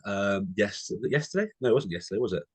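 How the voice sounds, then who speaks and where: A man's voice: fairly low pitch, animated, fast, husky, no room sound. A young English man co-hosting a podcast, chatting casually, calling his friend mate constantly and telling anecdotes. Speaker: podcast co-host. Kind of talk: casual chat.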